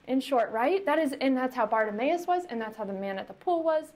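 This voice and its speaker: A woman's voice: high voice, animated, moderate pace. A woman pastor giving a conversational sermon, often asking the congregation questions.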